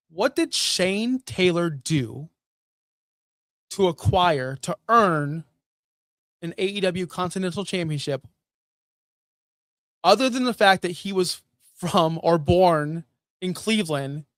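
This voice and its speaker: A man's voice: fairly high pitch, animated, measured pace, pauses often, a bit bright, no room sound, clean studio sound. A man hosting a wrestling recap stream in a casual, ranting style. He repeats his points and fires off rhetorical questions. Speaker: wrestling show recap host.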